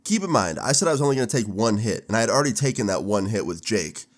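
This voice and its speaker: A young man in his twenties telling a casual storytime, animated and swearing with laid-back slang. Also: lowish voice, fast. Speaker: storytime vlogger.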